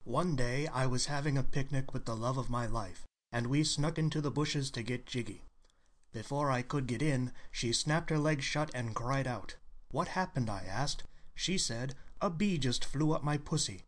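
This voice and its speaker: A man's voice: medium pitch, moderate pace. A man telling a dirty joke as a first-person story, in a plain, matter-of-fact way. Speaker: joke teller.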